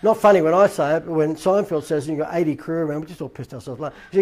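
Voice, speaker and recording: An Australian man tells a story in a quick, rushing patter. His voice sits a bit high, and he hosts in a loose, rambling way, acting out every bit of quoted dialogue. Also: darkish tone. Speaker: host. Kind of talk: casual anecdotal storytelling.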